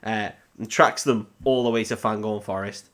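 A man's voice: fairly low pitch, steady tone, normal speed, a bit bright. Laughing man rambling through a recap. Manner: rambling, laughing, swearing asides. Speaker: podcast co-host. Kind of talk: comedic film recap chat.

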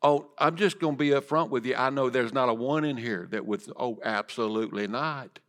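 Male pastor, mid-pitched, dynamic sermon delivery, drops to whispers for effect. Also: brisk. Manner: dynamic preaching, swinging from loud emphasis to soft whispers. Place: church sanctuary.

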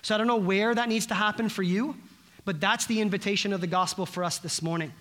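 High-voiced man preaching a sermon. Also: fairly bright tone. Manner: earnest preaching with rising emphatic repetitions. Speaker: pastor.

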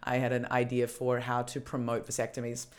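A woman from Australia co-hosting a podcast, rambling in casual chat with frequent restarts and quick laughs. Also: very deep voice, monotone. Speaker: podcast co-host.

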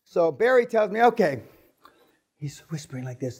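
A man with a fairly high voice tells a story to a seminar audience. He swears freely and keeps acting out the sounds of the action. His delivery is lively and unfiltered. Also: normal speed, gravelly, pauses often, breathy edge. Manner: profane, lively storyteller who acts out sounds. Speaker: seminar speaker. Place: seminar room.

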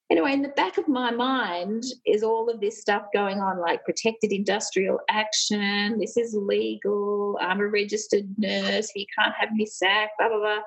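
A middle-aged woman recounting her path from nursing to union leadership. Her voice is husky and a bit breathy, and she tells her stories candidly and with animation. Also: medium pitch, fairly even intonation, moderate pace, few pauses, poor audio. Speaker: union leader and former nurse. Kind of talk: personal storytelling in an interview.

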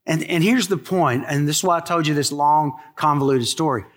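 A male pastor preaching a lively sermon, asking the congregation questions and joking with them. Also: fairly high pitch, a little fast. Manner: animated preaching with rhetorical questions and asides to the congregation. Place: church sanctuary. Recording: live in a church with long reverb.

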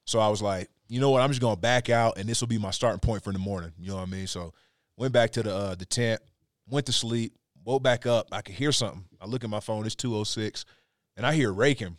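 Animated man telling a hunting story. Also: fairly low pitch, quick pace, no room sound, studio quality. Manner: animated storyteller, swears freely, acts out sounds. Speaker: podcast host. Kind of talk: casual storytelling chat.

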